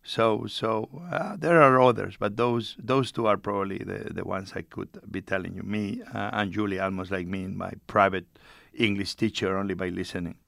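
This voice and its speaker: A man's voice: fairly low pitch, fairly even intonation, moderate pace, vocal fry, a bit bright, dry recording, clean studio sound. A man with a thick Spanish accent, Spanish his first language, chatting as an interview guest, laughing often and repeating words as he searches for them. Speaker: chef guest. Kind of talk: casual interview chat.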